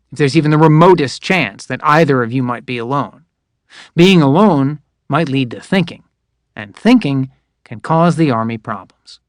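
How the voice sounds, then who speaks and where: A man's voice: on the high side, no room sound. Dry, close male memoir narrator. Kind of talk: first-person memoir audiobook narration.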